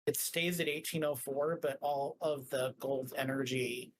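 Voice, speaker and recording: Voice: medium pitch, fairly even intonation, measured pace, noisy background. A game master narrating a tabletop game in a rambling casual way, full of filler words.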